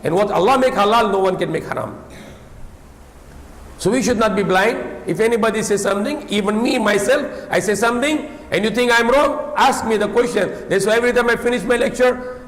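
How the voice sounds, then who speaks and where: High-voiced man preaching in an echoey hall. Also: a little fast. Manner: emphatic, repeats points, non-native English with some Tagalog. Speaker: Islamic preacher. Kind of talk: sermon lecture.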